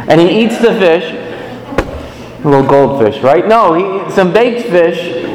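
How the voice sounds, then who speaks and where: Animated male preacher in an echoey church. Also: measured pace, slight background noise. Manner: animated storytelling with big pitch swings. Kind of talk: sermon.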